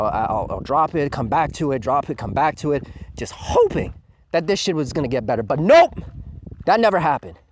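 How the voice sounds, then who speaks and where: Profane, animated manga reviewer. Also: medium pitch, noisy background. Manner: profane, scornful, says 'man' constantly. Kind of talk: casual ranting review.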